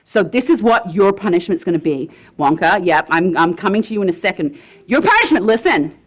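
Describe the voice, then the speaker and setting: A woman's voice: fairly low pitch, brisk. A woman improvising a comedy sketch, bossily scolding and lecturing with frequent laughs. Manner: bossy, scolding, laughs a lot.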